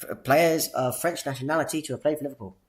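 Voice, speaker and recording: A man hosting a podcast quiz in a playful game-show manner, drawing out announcements and squeaking out jingle noises. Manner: theatrical, drawn-out announcements with sudden high-pitched jingles. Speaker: podcast host running a quiz.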